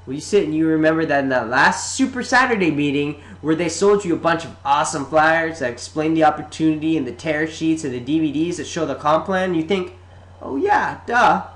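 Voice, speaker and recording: Male presenter, fairly high pitch, sarcastic sales-pitch narration, echoey room. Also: brisk, hardly any pauses, a bit bright. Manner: sarcastic, chatty, addresses the listener directly. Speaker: marketing presenter. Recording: roomy echo.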